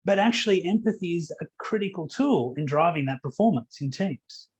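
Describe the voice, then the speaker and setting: A man speaks at a company conference in a slightly higher register. He tells stories informally, stopping on "uh" and "um" as he motivates the room. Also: expressive, a little fast, a little mellow, husky. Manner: conversational storytelling with fillers. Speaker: keynote speaker.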